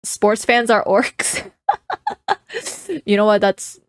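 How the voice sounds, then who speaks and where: A woman's voice: mid-range voice, little pitch movement, slow, no room sound, clean studio sound. A young woman streamer chatting casually as she reacts to a video, teasing and laughing often.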